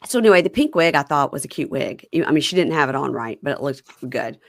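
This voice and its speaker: Woman host, low voice, dry close sound, gossipy recap tone. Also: sing-song, fast talker, no room sound. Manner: chatty, gossipy storyteller. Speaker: podcast host. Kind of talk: casual chat and recap.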